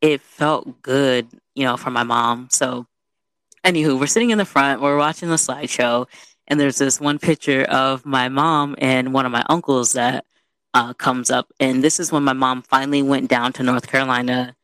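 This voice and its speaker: A young adult woman telling a story in casual chat, animated and chatty, full of "you know". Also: extremely low pitch, normal speed, no echo.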